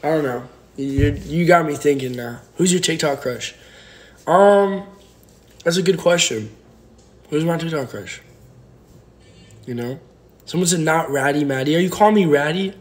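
A young man chats on a phone livestream from home, answering viewer comments with rambling jokes and playful teasing. His voice sits a bit higher than most men's. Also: animated, measured pace, pauses often. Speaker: livestream host. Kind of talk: casual livestream chat reading viewer comments. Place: home, indoors.

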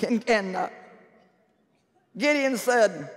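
Lady preacher, lively and funny, punchy delivery, big echoey church sound. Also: medium pitch, moderate pace, pauses often. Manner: animated, humorous, emphatic. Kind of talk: sermon.

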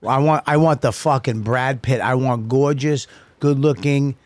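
A man co-hosting a podcast, talking in excited, profane, rambling banter. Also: mid-range voice, measured pace, no echo. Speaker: podcast co-host. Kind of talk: casual banter.

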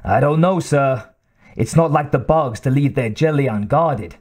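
A man's voice: mid-range voice, unhurried, a little mellow, lightly acted. A man doing a puzzled male army sergeant. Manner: plain, puzzled.

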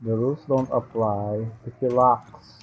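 A man talks slowly to himself over his gameplay, rambling and cursing. His voice sits at a middle pitch. The sound is narrow and phone-like, with a faint hiss behind it. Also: fairly even intonation. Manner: rambling, profane, talks to himself in mixed languages. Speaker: gamer vlogger.

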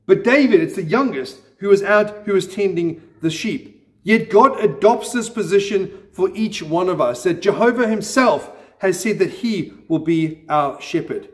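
A man with a notably high speaking voice delivers a sermon in a church. He preaches earnestly but mixes in gentle self-deprecating humor. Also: lively intonation, moderate pace. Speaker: pastor.

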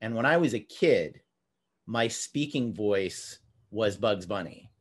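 A man's voice: lowish voice, expressive, husky. A middle-aged man with a New Jersey accent, hosting a podcast in casual, jokey conversation. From New Jersey, USA. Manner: chatty, jokey, slips into quick impressions. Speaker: podcast host.

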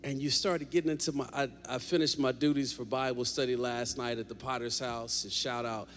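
A man preaching a lively sermon as pastor, joking with the congregation in a large church. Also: mid-range voice, a little fast, slight background noise. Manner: animated preaching, jokes with the congregation. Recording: long hall reverb.

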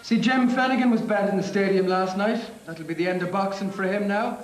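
An actor with an Irish accent playing a bossy, indignant 1950s Irish husband in a comedy sketch, scolding and lecturing. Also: male voice, high voice, fairly quick, echoey room, close to an everyday voice, low-quality recording. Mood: blustering.

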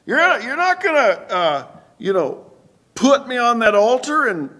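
Preacher putting on scared young isaac, higher voice, stammers and pleads. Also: male voice, very animated, unhurried, pushed and bright, full character voice. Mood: pleading.

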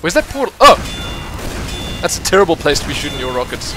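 A man casually commentating his own online shooter match, excitable and chatty, laughing often and calling out to teammates. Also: on the high side, fast talker, long pauses, over loud music. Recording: noisy game audio under the voice.

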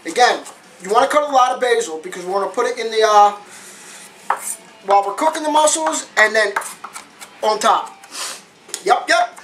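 A man's voice: high voice, expressive, moderate pace, pauses often, fairly bright tone, a little hiss or hum. A man hosting a casual cooking demonstration, chatty and repeating his phrases with street slang. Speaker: home cooking show host.

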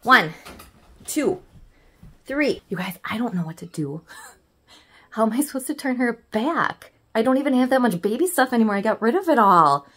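Mom voice, kinda high, swoops up and down a lot, playing pretend with her kid, babying her. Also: big pitch swings, moderate pace, pauses often, a bit bright. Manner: sing-song, exaggerated, fussing like a mother over a baby. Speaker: mom in family kids' videos. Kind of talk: playful pretend play with a child.

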